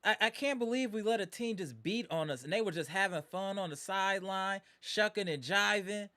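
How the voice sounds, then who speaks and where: A man with a high, bright voice hosts a live fan stream and vents in exasperation. He repeats his points and talks straight to his viewers. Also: lively intonation, moderate pace. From Wisconsin. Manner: exasperated, ranting, repeats himself.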